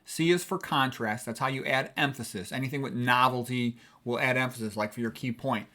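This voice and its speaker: A man's voice: mid-range voice, a little fast, sharp tone. A middle-aged man teaching writing in a casual, conversational lecture, often checking in with "okay". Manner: conversational, chatty, punctuates with "okay".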